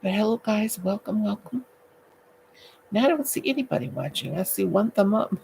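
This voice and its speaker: A woman's voice: medium pitch, lively intonation, normal speed, gravelly, a little mellow, slight background noise, poor audio. An older woman hosting a late-night live stream from home, chatty and goofy, greeting viewers by name into her laptop. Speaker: livestream host. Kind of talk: casual live chat with viewers.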